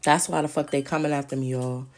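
Gravelly low-voiced woman ranting profanely. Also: steady tone, fast talker. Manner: profane, heated ranting delivery. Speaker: podcast host. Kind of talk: solo podcast rant.

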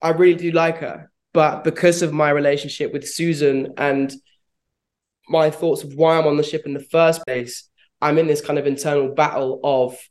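A man's voice: on the high side, fairly even intonation, normal speed. A man, an actor answering interview questions in a reflective, rambling way, with frequent laughs. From London, England. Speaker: actor guest.

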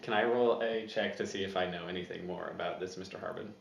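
A man's voice: deep voice, fairly even intonation, fast, gravelly, roomy sound, distant mic. A man playing a tabletop game who hesitates and trails off while asking questions. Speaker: player.

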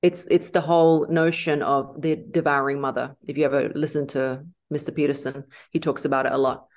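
A woman, a podcast guest in casual interview chat, talking emphatically and acting out quoted lines in lively voices. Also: sits low, fairly quick.

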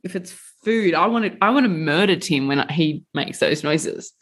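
A woman co-hosts a laid-back podcast in a fairly low voice. She talks bluntly and swears freely. She agrees quickly and happily with her co-host. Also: expressive. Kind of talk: casual podcast chat.

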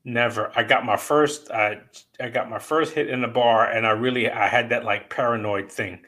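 Guy hosting a podcast, bright voice, swears a lot, tells stories. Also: mid-range voice, moderate pace. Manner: swearing, animated storyteller. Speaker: podcast host. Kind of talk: casual chat.

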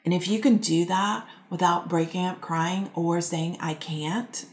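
Calm woman life coach in a roomy space. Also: fairly low pitch. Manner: calm, reflective, coaching with slow pauses. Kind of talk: guided self-help talk to listeners.

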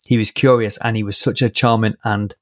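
A man from England co-hosting a podcast, telling stories in an animated, laughing way that jumps from thought to thought. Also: lowish voice, a little fast, no echo. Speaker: podcast co-host. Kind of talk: casual podcast chat, storytelling.

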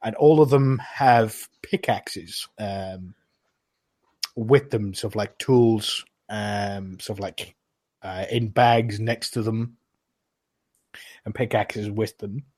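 A man narrating a tabletop game as game master, pausing with many fillers. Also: lowish voice, darkish tone.

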